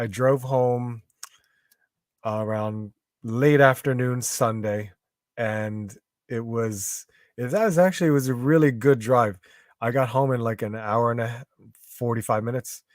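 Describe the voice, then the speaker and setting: Casting: weary male streamer with a hoarse edge, unhurried delivery, dry close sound. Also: medium pitch, no room sound. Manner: rambling, greets chat viewers by name. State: tired, voice going hoarse. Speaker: live stream host. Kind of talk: casual live stream chat.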